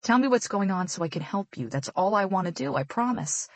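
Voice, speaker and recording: Woman voicing a caring middle-aged dad, gentle, firm, audiobook. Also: medium pitch, animated, a little fast, no echo, natural voice. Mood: protective. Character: protective, loving middle-aged father on the phone.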